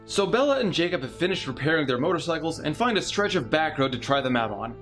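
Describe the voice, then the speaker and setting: A man's voice: fairly high pitch, very animated, quick pace, a bit bright, faint music behind. A man narrating a scripted comedic movie review with sarcastic, mocking asides.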